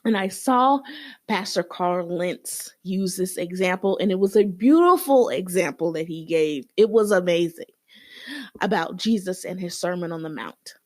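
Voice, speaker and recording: A woman's voice: on the low side, expressive, normal speed, a little mellow, no echo, studio quality. A woman guest on a faith-based podcast, talking earnestly and persuasively.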